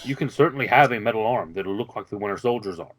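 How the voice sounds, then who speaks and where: A man explaining the rules of a tabletop game as game master, measured and patient. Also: on the low side, lively intonation, rough recording.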